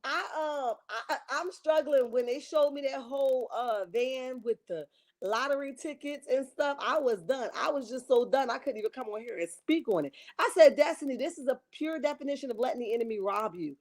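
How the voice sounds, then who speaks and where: A woman's voice: high-pitched, brisk, darkish tone. A woman hosting a casual gossip livestream, reading viewer comments aloud and calling her viewers honey and baby. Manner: reenacts dramatic quotes. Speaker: livestream host reading chat.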